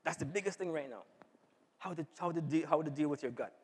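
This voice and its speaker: Man, health seminar speaker, slightly high voice, chatty and casual, long church hall reverb. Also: fast, slightly rough. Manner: conversational, often asks the audience "right?". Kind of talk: informal health talk to a church audience.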